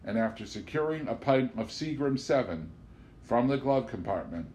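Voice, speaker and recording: A man reads a novel aloud in a measured, expressive audiobook style. His voice sits at a medium pitch for a man. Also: slight background noise. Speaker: audiobook reader. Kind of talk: audiobook narration.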